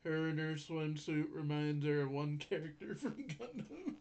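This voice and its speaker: A man's voice: on the high side, expressive, measured pace, a little mellow. A man casually talking through anime episodes with a friend, restarting words and chuckling between points. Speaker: podcast co-host. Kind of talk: casual anime recap chat.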